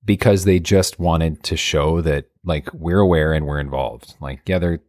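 A man co-hosting a casual chat, candid and reflective, reacting with quick exclamations. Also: extremely low pitch, a little mellow, no room sound, clean studio sound.

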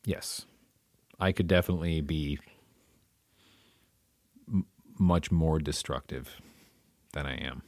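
A man's voice: very deep voice, slow, long pauses, no room sound. A man making wry, dry remarks in casual podcast chat. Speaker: podcast co-host.

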